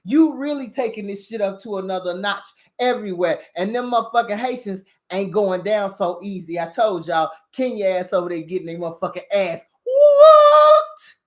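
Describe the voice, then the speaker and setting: A woman's voice: mid-range voice, very animated, moderate pace. A woman giving a heated, profanity-laced rant on current events, combative and emphatic as she talks straight to her viewers. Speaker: spiritual commentator on current events.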